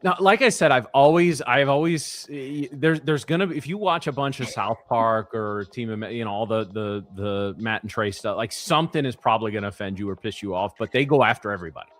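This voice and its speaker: A man's voice: medium pitch, fairly quick, hardly any pauses, fairly bright tone, faint music behind. A man in his thirties co-hosting a live trading stream in casual chat, rambling with many fillers and restarts.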